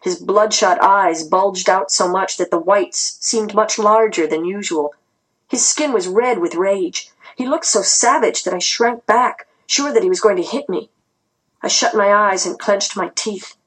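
A woman reads a first-person story aloud in an earnest, tense manner. Her voice is husky and breathy, sitting in a middle pitch. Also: measured pace, rough recording. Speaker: audiobook narrator.

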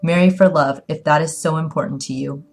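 A woman's voice: sits low, fairly even intonation, brisk, faint music behind. A woman voicing a stern, proud older father in a read-aloud story, speaking in a clipped, commanding way.

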